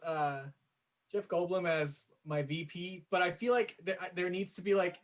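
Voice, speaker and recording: A young man in his twenties co-hosting a casual chat show, laid-back and quick to laugh. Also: high-pitched. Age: 20s. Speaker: podcast co-host.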